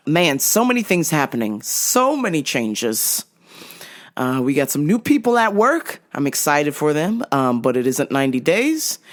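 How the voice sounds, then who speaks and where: A woman's voice: low-pitched, sing-song, measured pace. A woman hosting a casual monologue, blunt and profane, laughing often as she talks. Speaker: host.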